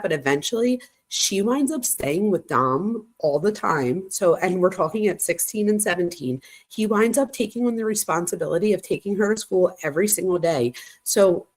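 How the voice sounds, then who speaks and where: A woman's voice: medium pitch, lively intonation, moderate pace, few pauses. A woman hosting true crime commentary, chatting casually while reading text messages aloud and reacting to them.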